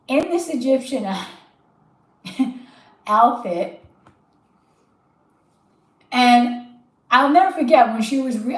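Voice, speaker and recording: Chatty stuffy-nosed woman, echoey room. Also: fairly high pitch. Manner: chatty, animated, laughs often, acts out quotes. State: stuffy, sniffling. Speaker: tarot reader livestreaming. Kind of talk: casual livestream storytelling.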